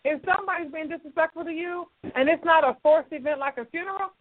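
A woman's voice: very high-pitched, fast, no echo. A woman co-hosting a radio talk show, giving emphatic advice and repeating her points for stress. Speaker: radio co-host. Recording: thin phone-like radio sound.

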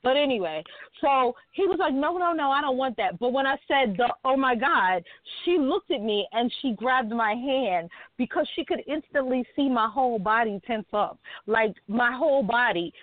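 A woman's voice: a little high, moderate pace, few pauses, no echo. A woman co-hosting a radio chat show, telling a story with lots of laughter and some swearing. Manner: animated, laughing, profane storyteller. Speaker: co-host. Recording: dry phone-like sound.

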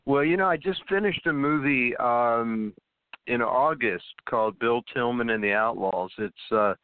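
A man's voice: mid-range voice, unhurried, smooth, no echo. A man, an actor guest, chatting casually about his projects and laughing often. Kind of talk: casual interview chat. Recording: dry, phone-like call audio.

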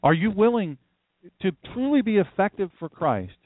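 Guy from downstate delaware preaching, lively up and down voice, folksy rambly, sounds like a phone line. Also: high-pitched, moderate pace, no echo. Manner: folksy, conversational, rambling asides. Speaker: pastor. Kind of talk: livestream sermon. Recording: dry, tinny phone-like sound.

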